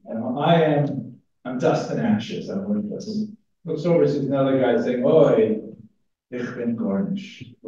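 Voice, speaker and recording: A man's voice: medium pitch, dark tone. A man speaking at a conference, giving a casual lecture full of fillers and restarts. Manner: casual, self-interrupting, with fillers. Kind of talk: academic lecture with humor. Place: large conference hall. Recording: echoey hall from far off, dull sound.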